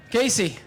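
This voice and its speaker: A man announcing a live race and interviewing drivers at an outdoor speedway, excited and shouting during the action, joking between interviews. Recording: noisy outdoor racetrack.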